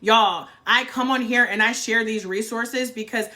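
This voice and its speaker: A woman's voice: a little high, fairly even intonation, unhurried, bright, forceful tone. A woman, giving a blunt, fired-up motivational livestream talk and swearing freely. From North Carolina, US. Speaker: livestream host.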